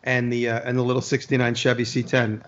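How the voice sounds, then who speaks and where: Fast-talking storyteller man, swearing freely. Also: medium pitch, monotone, a bit bright. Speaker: podcast guest. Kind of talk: casual chat. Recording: dull lo-fi recording.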